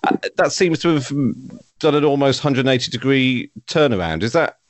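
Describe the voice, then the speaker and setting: A man's voice: medium pitch, expressive, moderate pace, no echo. A man hosting a podcast, asking long, conversational questions that wander before landing. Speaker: podcast host. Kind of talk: interview questions.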